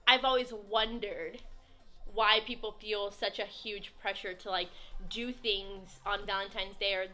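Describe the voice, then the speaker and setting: Bright-voiced teasing woman guest. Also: mid-range voice, steady tone, measured pace, soft background music. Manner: teasing, with many "like" fillers. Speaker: guest friend. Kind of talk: casual chat over food.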